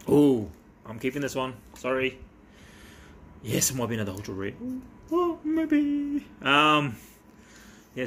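A man talking casually as a vlogger while opening trading cards, excitable and chatty with quick bursts of delight. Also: mid-range voice, creaky, slight background noise. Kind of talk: casual chat.

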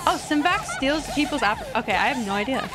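A woman streaming a life-simulation game, chatting excitably with her viewers in casual live commentary. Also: sits high, brisk, a crowd in the background.

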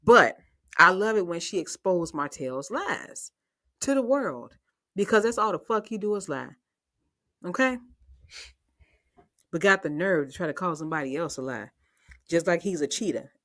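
A woman's voice: lowish voice, expressive, normal speed, long pauses, fairly bright tone. A woman giving casual, sassy recap commentary on a reality show, swearing freely, often laughing and talking straight to her viewers. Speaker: reality TV reviewer.

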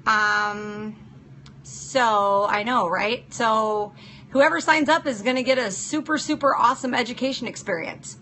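This nail technician hosts a relaxed live-stream chat in a fairly high, sharp voice, taking her time, with slight background noise. She's practical and talkative, addressing viewers by name.

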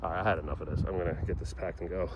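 A man's voice: sits low, fairly even intonation, rapid-fire, muffled recording, slight background noise. A father filming a vlog at a playground, sternly scolding his kids and muttering exasperated asides to the camera on a handheld phone. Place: outdoor playground.

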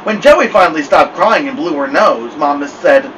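A man reads a story aloud in an expressive voice that climbs and dips a lot. He is set back from the mic. A faint air-conditioner hum runs underneath. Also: fairly high pitch, normal speed, far from the mic, rough recording. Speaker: storybook reader. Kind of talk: reading a novel aloud.

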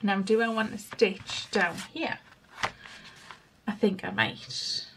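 A woman's voice: medium pitch, slow pace. A woman chatting casually through a crafting tutorial, thinking aloud and poking fun at herself as she works. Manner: chatty, self-mocking, thinks aloud while working. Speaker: crafting vlogger. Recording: home recording with clear background noise.

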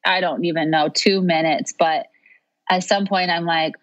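A woman guest telling her story in a casual, lively way, acting out what she said back then. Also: on the low side, normal speed, highs cut off. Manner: lively, acts out her own past lines. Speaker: podcast guest.

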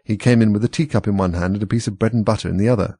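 A man reading a storybook aloud in a steady, plain way. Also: lowish voice, rapid-fire, husky, no echo. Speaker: audiobook reader.

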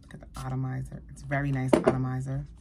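A woman beauty vlogger, likely in her thirties, reviewing a perfume in an animated, chatty way and talking straight to her viewers. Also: extremely low pitch, fast, heavy background noise. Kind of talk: casual product review.

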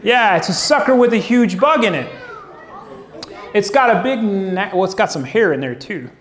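A man's voice: sits high, expressive, normal speed. A man preaching a sermon to a congregation, folksy and humorous, using props as object lessons and asking the crowd questions. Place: church stage before a congregation.

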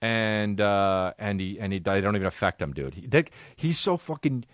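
A man's voice: on the low side, lively intonation, normal speed, no echo, studio quality. A man in his thirties, a comedian and podcast host, telling a rambling, profane comic story.

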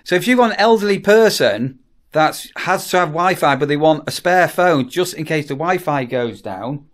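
A man's voice: a little high, lively intonation, moderate pace. Chatty British man rambling in a vlog. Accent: British English. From United Kingdom. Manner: chatty, asks viewers questions, repeats words when restarting. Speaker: vlogger, campsite warden.

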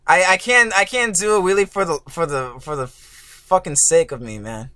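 A man doing let's play commentary as a gaming YouTuber, excitable and swearing, yelling at the game and groaning when he fails. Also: on the high side, moderate pace. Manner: groaning frustration at failures.

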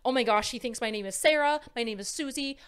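A woman's voice: on the high side, fast talker, fairly bright tone, clean tone, natural voice. A woman voicing an anxious, self-conscious young female college student who rambles and doubts herself. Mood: panicked.

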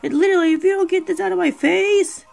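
A streamer giving casual let's-play commentary, excitable and rambling, talking back to the game. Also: very high-pitched, fast, gravelly, faint music behind. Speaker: gameplay streamer.

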